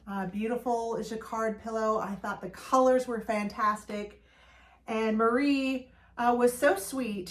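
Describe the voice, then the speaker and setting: A woman hosting her own vlog, talking casually and enthusiastically about her shopping finds, with frequent ums and uhs. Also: on the high side. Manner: chatty, enthusiastic, with many fillers. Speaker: vlog host. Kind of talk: casual shopping haul talk.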